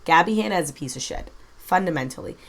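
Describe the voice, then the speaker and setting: A woman with a slightly low voice delivers reaction commentary. She speaks bluntly and frankly and swears freely. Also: lively intonation, fast talker. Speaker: commentary YouTuber.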